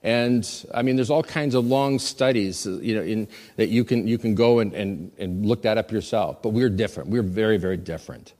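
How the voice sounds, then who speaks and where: A man's voice: fairly low pitch, fairly quick, hardly any pauses. A male pastor preaching a sermon to his congregation in a church, urging the men and joking with the crowd. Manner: animated preaching, calls for audience repetition, jokes with congregation. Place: church sanctuary. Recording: long reverb of a large hall.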